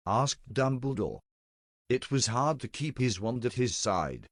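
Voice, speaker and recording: A man narrating a storybook-style tale in a steady, deadpan reading voice, close to the mic. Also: medium pitch, measured pace, no room sound.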